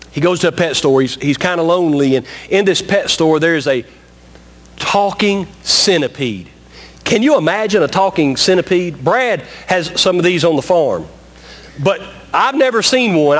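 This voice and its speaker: High-voiced emphatic preacher. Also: male voice. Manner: emphatic, repetitive, addresses listeners as friends. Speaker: pastor. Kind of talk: sermon.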